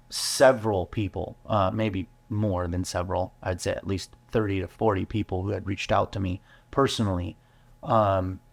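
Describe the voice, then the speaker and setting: A man, a business owner, telling his story in an interview, earnest and halting with many fillers and restarts. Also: on the low side, creaky. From United States. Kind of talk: candid interview talk.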